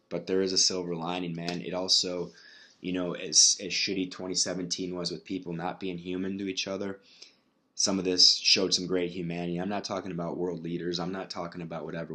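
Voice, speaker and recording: A man with a very low voice talks alone on his podcast, swearing freely. He rambles and restarts his sentences as he works through his thoughts. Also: pushed and bright. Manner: rambling, profane, restarts often. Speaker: podcast host. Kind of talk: casual solo podcast monologue.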